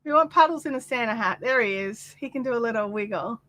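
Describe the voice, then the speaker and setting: A woman's voice: a little high, lively intonation, quick pace, sharp tone. A woman hosting a craft livestream, chatting casually with viewers and reading their comments with lots of fillers and asides.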